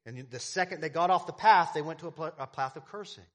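A man's voice: a little high, fast talker, hardly any pauses, fairly bright tone. Emphatic preacher man. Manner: emphatic preaching with repetition and rhetorical questions. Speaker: pastor. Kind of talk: sermon.

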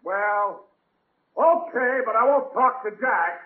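A man's voice: high-pitched, lively intonation, takes it slowly, a little hiss or hum. A man, a radio show announcer in a 1940s comedy, speaking in a stubborn, pompous way. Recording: tinny 1940s radio broadcast.

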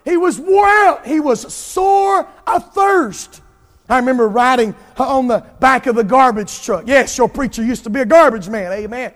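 A pastor preaching an impassioned sermon, drawing out emphatic lines and rising to shouts. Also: male voice, very high-pitched, animated, brisk, hardly any pauses, big-room sound.

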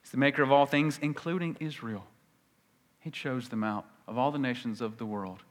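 A male pastor preaching a sermon, swinging between loud emphatic peaks and hushed, low phrases. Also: moderate pace. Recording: long hall reverb.

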